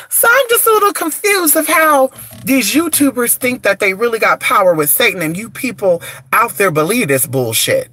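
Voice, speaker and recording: Raspy woman ranting bluntly. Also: lowish voice, fairly bright tone. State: raspy from just waking up. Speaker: spiritual worker offering candle services. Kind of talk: casual rant to camera.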